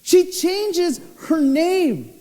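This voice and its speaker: A young male pastor delivers a sermon slowly and deliberately, his fairly high voice swinging from low to high as he tells stories expressively. A long church-hall reverb trails behind his words.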